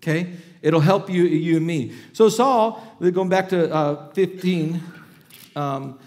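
Man, pastor, middle-aged, sermon, slightly high voice, dramatic scripture reading, casual asides. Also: slow, a little mellow. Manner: reads scripture aloud with dramatic emphasis, then talks casually and chuckles.

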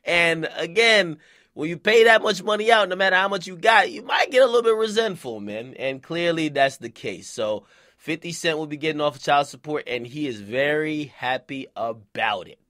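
A man's voice: on the high side, normal speed, no room sound. A young man giving a casual, profane, slang-heavy rant about celebrity gossip for his channel. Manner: animated, profane, slangy street talk. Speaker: YouTube commentator.

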